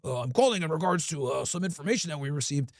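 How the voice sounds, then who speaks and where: A man puts on a low, quiet, stiff official on the phone, stalling with endless ums and fake seriousness. The voice drops well below his own. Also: expressive, dry recording, studio quality. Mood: mock serious. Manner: halting, full of ums, faking seriousness. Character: stiff, hesitant male government caller.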